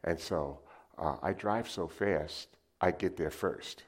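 A man preaching a sermon, telling lively stories and acting them out with sound effects. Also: low-pitched, takes it slowly. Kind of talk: sermon with storytelling.

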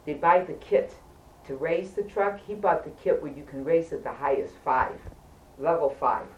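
Animated woman telling a story, far from the mic. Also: deep voice, moderate pace, lo-fi sound. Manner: animated, emphatic, keeps checking in with listeners. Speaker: storyteller among friends. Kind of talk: casual anecdote. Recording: roomy, distant, faint background hum.

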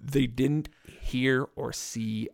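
A man's voice: mid-range voice, extremely slow, gravelly. A man telling a long story in casual chat, laughing often and acting out what others said. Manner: laughing, animated storyteller who acts out quotes.

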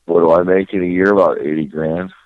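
A very deep-voiced man answers a late-night call and talks in a blunt, gruff way. His voice comes through a dull, muffled phone line. The sound is dry, with no room echo. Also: steady tone, fast. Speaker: prank call target. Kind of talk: annoyed phone conversation.

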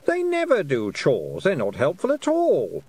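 A man reading an audiobook, voicing a small talking toad with a dry, slow, matter-of-fact manner. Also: on the high side, huge pitch swings, darkish tone, husky, no room sound, pitched above the performer's own voice, full character voice. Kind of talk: audiobook character voice.

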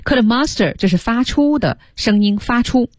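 Husky woman teaching English. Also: fairly high pitch, expressive, a little mellow, no room sound, studio quality. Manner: explains words in Mandarin, repeats English phrases slowly. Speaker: English teacher and radio host. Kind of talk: bilingual radio English lesson.

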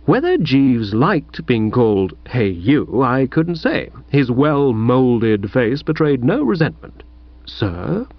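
A man reading a comic novel aloud, expressive and lively, with shouted character lines. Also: mid-range voice, takes it slowly, hardly any pauses, dry recording. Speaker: audiobook reader. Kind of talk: scripted narration. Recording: dull dry lo-fi recording.

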